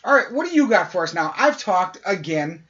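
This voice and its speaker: A man's voice: sits high, brisk. A man on a podcast telling a long casual story, acting out what people said. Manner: animated anecdote-telling, acts out quoted voices. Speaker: podcast co-host. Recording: dull lo-fi audio.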